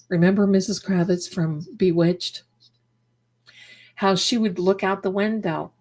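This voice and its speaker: A woman's voice: medium pitch, steady tone, unhurried, long pauses, darkish tone. A woman hosting a live stream as a psychic, rambling affectionately while she reads comments aloud.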